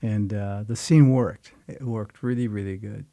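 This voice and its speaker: A man's voice: lowish voice, steady tone, measured pace, mellow, no echo. An older man, a guest actor, telling a rambling, folksy story in casual conversation.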